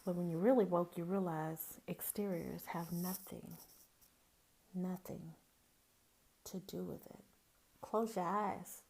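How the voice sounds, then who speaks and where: A woman's voice: fairly low pitch, steady tone, slow, vocal fry, pauses often, mellow. A woman from Mississippi with a Southern accent, speaking in a candid, folksy personal monologue as a podcast host who calls her listeners "baby".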